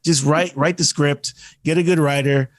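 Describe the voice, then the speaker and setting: A man's voice: a little high, steady tone, moderate pace, a bit bright, no echo, clean studio sound. A man co-hosting a podcast, talking in a rambling, emphatic way with some swearing. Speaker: podcast co-host. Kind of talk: casual chat.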